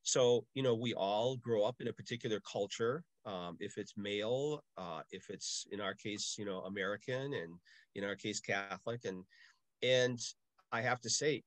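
A man's voice: fairly low pitch, moderate pace, dry recording. An older man from Milwaukee, a parish music director, recalls his past in an easy, chatty way. He breaks into voices as he tells his stories, and the recording is dry and close. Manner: animated storyteller, acts out voices in anecdotes. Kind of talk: casual interview storytelling.

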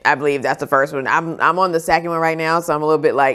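A woman hosting a casual book vlog, reacting to reviews in an animated, opinionated way. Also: lowish voice, brisk.

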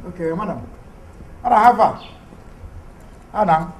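An actor with a Nigerian Pidgin accent playing a cheeky young houseboy who begs and jokes. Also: male voice, high voice, expressive, unhurried, husky, heavily acted, low-quality recording. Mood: teasing. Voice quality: Pidgin banter, begging tone. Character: cheeky young male houseboy, pleading and joking.

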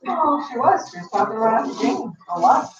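High-pitched chatty woman, really into it, echoey far-off muffled recording w loud noise. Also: expressive, quick pace. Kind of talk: casual chat.

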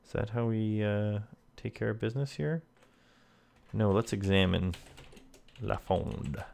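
A man's voice: on the low side, a little slow, vocal fry, darkish tone. A man playing a text adventure, reading the game text aloud and making wry asides to himself. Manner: reads game text and comments wryly to himself. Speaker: let's player.

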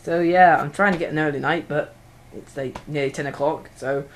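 A man's voice: on the high side, steady tone, normal speed. A teenage boy, rambling through a casual home vlog recorded on an iPod, giggly and self-mocking. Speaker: vlogger.

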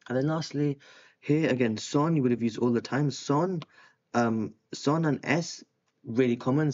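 A young man teaching a casual language lesson, relaxed and thinking aloud with frequent ums as he writes. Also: medium pitch. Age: young adult. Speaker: Spanish tutor. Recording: slightly dull lo-fi sound.

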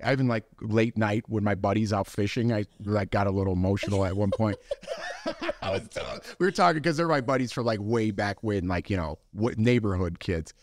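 A man in his thirties co-hosting a casual podcast, laughing easily and jumping up in pitch for quotes. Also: moderate pace, no echo. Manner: easygoing, laughs often, jumps up in pitch for quotes. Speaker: podcast co-host. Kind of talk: casual chat.

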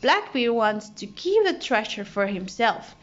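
A woman's voice: a little high, sing-song, a little slow, fairly bright tone. A woman voicing chattering worried turtles. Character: group of worried sea turtles. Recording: dull lo-fi audio.

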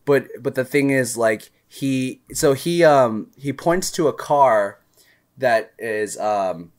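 A man chatting on a movie podcast, rambling through his points with plenty of ums and restarts. His pitch swings up and down as he talks. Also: lively intonation, slow pace. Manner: rambling, hesitant, swears casually. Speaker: podcast co-host. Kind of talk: casual movie podcast chat.

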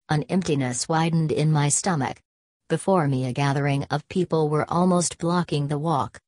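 Audiobook narrator, woman, deep low voice, dry close sound, steady measured read. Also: no room sound. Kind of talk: scripted novel narration.

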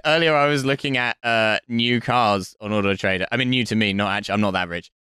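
A man's voice: lowish voice, fast talker, bright, forceful tone, clear, resonant tone, no echo, studio quality. A man co-hosting a comedy podcast, telling rambling stories in casual chat. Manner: rambling, tangent-prone storytelling.

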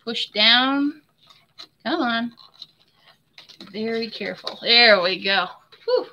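Bright, chatty woman hosting a live stream. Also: on the high side, slow, muffled recording, slight background noise. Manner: chatty and friendly, addresses viewers as hon and my friend; laughs often. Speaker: soap maker hosting a live giveaway. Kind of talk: casual live stream chat.

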